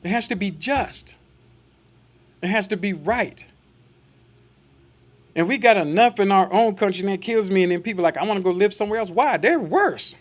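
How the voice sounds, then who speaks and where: A man's voice: high voice, lively intonation, moderate pace, long pauses. A man preaching a sermon, reading scripture aloud and then asking the congregation rhetorical questions and acting out voices. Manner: acts out quoted voices in asides.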